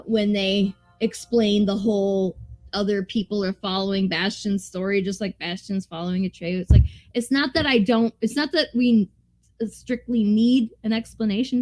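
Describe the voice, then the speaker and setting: A woman's voice: medium pitch, dry recording. A young adult woman co-hosting a podcast, chatting casually and animatedly about a movie, swearing freely and restarting her sentences. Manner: animated, profane, rambling with restarts. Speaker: podcast co-host.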